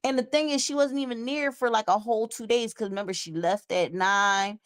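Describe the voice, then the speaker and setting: A woman hosting a talk show, reading an account aloud and reacting with animated, incredulous asides. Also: on the high side, fairly quick, no room sound. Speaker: show host. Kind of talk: reading a story aloud and reacting, casual commentary.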